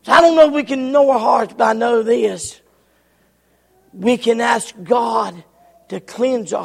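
A man preaching a revival sermon in a church, swinging from shouted lines to hushed, near-whispered ones. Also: extremely high pitch, a little slow, vocal fry, pauses often. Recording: church hall reverb.

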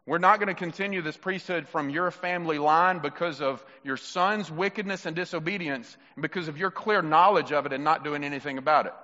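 A male pastor preaching a sermon in an animated, emphatic, conversational way. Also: fairly high pitch, fairly quick, few pauses, big-room sound, dull audio.

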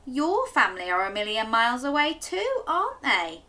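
A woman's voice: on the high side, wildly swooping pitch, normal speed, bright, forceful tone, voice pushed up, full character voice. A woman voicing an insistent little girl who is being ignored, in a children's storybook reading. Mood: glum. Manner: insistent, earnest. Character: young girl Daisy, glum and ignored.

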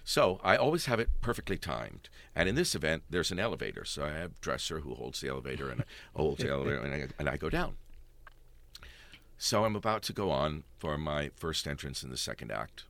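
A middle-aged stage actor telling backstage stories in casual chat, animated and often laughing. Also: male voice, rumbling low, fairly quick, vocal fry, no echo.

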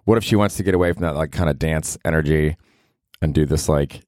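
A man's voice: extremely low pitch, quick pace, darkish tone, no room sound, clean studio sound. A man hosting his own podcast, talking in a rambling, profane, self-mocking comedic monologue. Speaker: podcast host.

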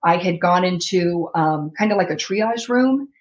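A woman's voice: lowish voice, expressive, unhurried, lo-fi sound. A woman in her thirties telling her personal story as an interview guest, reliving her own past words.

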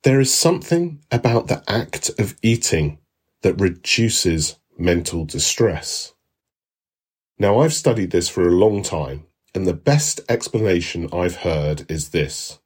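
A man teaching a recorded lesson in a calm, reassuring way, often repeating soothing phrases. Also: low-pitched, takes it slowly, husky. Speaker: course instructor.

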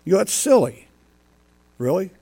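An older man, a grandfather and pastor, delivers a folksy sermon full of homely stories. He acts out quotes with big jumps in loudness. His husky voice sits high, with a sing-song lilt, vocal fry, and a moderate pace.

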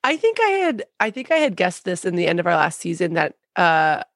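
A woman in casual chat about a TV show, chatty, slipping into animated quoted voices and laughing often. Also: fairly low pitch, fairly quick, no echo. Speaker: podcast co-host.

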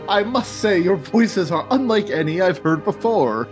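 A man's voice: high-pitched, lively intonation, normal speed, over music. A man doing a jolly old Santa. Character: jolly old Santa Claus, hearty and kind.

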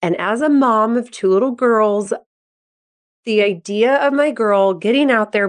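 A woman in her thirties hosting an advice podcast as a sports psychology coach, upbeat and expressive, acting out quotes in a higher voice. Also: moderate pace.

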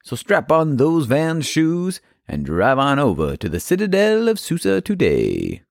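A man's voice: a little high, huge pitch swings, measured pace, creaky, no echo, clean studio sound, heavily acted. A man plays a brash young royal herald who calls out to the whole land. His voice leaps up and down as he proclaims in a playful, slangy way, like a kids' storybook skit. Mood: proclaiming. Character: loud cheerful male royal herald. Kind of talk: homemade kids' Bible story acting.

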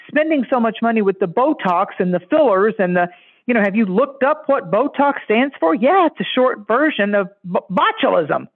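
A man telling stories in a casual podcast chat, animated and acting out the voices of people he quotes. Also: very high-pitched, moderate pace. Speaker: podcast guest. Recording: tinny phone-like line.

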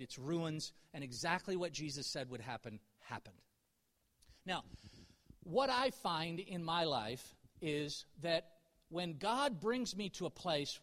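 A man's voice: high voice, a bit bright. A middle-aged man preaching a sermon as a pastor, candid and self-deprecating, building to emphatic peaks. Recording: long hall reverb.

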